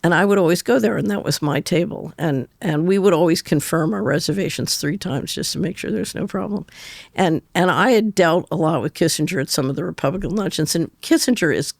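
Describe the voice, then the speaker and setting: A woman's voice: fairly low pitch, fairly quick, gravelly, no room sound. An older woman, a guest on an interview show, telling anecdotes in a chatty way and laughing through her stories. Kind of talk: conversational storytelling interview.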